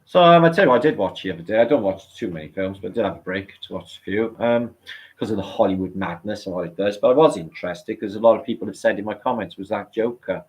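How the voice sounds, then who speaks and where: A man's voice: fairly low pitch, fast, low-quality recording. A middle-aged man hosting a live stream, chatting casually, rambling and swearing as he answers comments.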